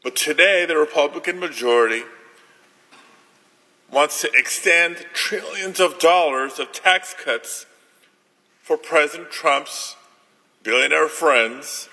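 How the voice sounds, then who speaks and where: Slow, bright-voiced man giving an indignant speech. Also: a little high, animated. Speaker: senator. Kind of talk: formal floor speech. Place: large legislative chamber. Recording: echoey legislative chamber.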